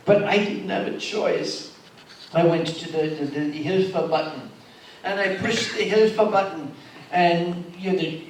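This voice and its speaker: A man's voice: on the high side, measured pace, gravelly, a little hiss or hum. A man telling dramatic stories on a convention panel, playing up each moment. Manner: dramatic, animated storyteller. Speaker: convention organizer. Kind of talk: storytelling on a panel. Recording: echoey hall from far off.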